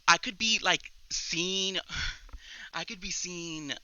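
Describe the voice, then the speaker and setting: Sharp-voiced young man rambling excitedly. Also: high-pitched, slow pace, clear, resonant tone, no echo, poor audio. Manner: rambling, excitable, restarts often. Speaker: podcast host. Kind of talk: casual solo chat.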